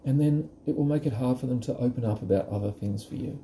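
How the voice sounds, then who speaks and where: A man giving calm, gentle parenting advice and modelling reassuring phrases aloud. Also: medium pitch, quick pace, a little hiss or hum. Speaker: parenting educator.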